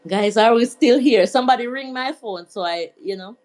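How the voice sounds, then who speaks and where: A middle-aged woman from Jamaica hosting a live stream, chatting in a rambling way and giving shout-outs to her viewers. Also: a little high, moderate pace. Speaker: vlog host. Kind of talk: casual live-stream chat.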